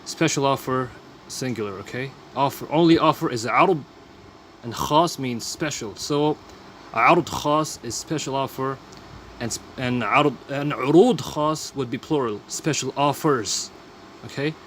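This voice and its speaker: A man's voice: mid-range voice, moderate pace, fairly bright tone, slight background noise. A man teaching vocabulary in a casual lesson, repeating each phrase and explaining the words plainly. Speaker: language teacher.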